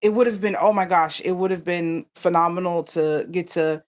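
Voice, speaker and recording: A woman co-hosting a yarn company's casual livestream chat tells stories animatedly and speaks directly to her viewers. Her voice is on the low side, at a normal speed.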